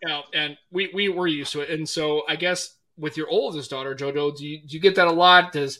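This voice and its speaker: A man's voice: on the high side, quick pace, hardly any pauses, pushed and bright. A man from the United States co-hosting a podcast, chatting casually and acting out quoted voices for laughs. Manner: jokey, acts out quoted voices. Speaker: podcast co-host. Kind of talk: casual chat.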